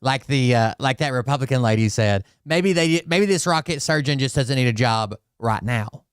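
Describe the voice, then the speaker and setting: Sarcastic Southern man, smooth dry voice. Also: medium pitch, lively intonation, moderate pace, no echo. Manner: sarcastic, rambling, repeats himself. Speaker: commentary host. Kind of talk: casual profane commentary.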